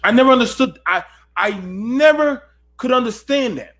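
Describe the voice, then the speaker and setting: High-pitched preachy man talking to viewers. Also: expressive, normal speed, a bit bright. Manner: preachy, rhetorical, talks to viewers. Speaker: channel host. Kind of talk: late-night monologue.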